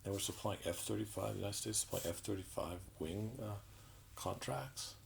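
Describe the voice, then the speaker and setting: A man delivering an indignant, sarcastic political commentary monologue, halting with frequent restarts. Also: on the low side, gravelly, a little hiss or hum, rough recording.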